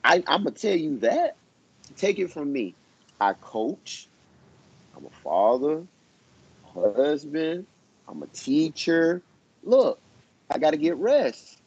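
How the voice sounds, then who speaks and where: A man's voice: on the high side, sing-song, slow pace, long pauses, husky. A man in his thirties, a coach and teacher, giving emphatic, preachy advice on a podcast. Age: 30s. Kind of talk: casual podcast chat. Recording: dull, dry lo-fi recording.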